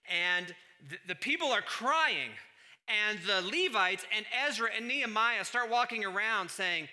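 A man preaching a sermon as pastor, moving between quiet, low asides and loud, emphatic stretches. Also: animated, a little slow.

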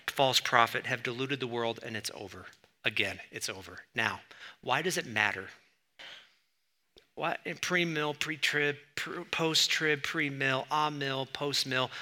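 A man preaching a sermon, conversational with asides, and rising loud when he reads scripture. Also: mid-range voice. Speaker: pastor.

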